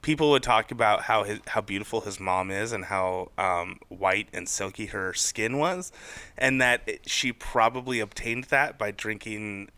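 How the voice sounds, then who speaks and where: Young male podcast co-host, bright tense voice, dry close sound, animated storyteller. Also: a little slow, clean tone, no echo. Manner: animated, jumps high when quoting others. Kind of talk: casual chat.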